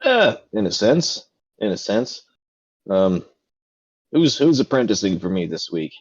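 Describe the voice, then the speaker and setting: A man's voice: lowish voice, very animated, unhurried, slightly rough, no echo, muffled recording, full character voice. A man voicing a flustered, self-important male caravan master who rattles off orders in a tabletop game. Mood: awkward. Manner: harried, bossy, rattling off orders.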